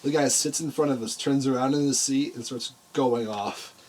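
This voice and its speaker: A young podcast co-host chats casually, spinning rambling stories and laughing often. His mid-range voice is steady, mellow and moderately paced, with slight background noise.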